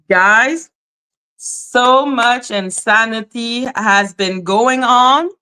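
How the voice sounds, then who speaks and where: A woman's voice: fairly high pitch, very slow, sharp tone, clean tone. A woman hosting a casual livestream, chatting loosely, exclaiming and greeting viewers by name. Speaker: livestream commentary host.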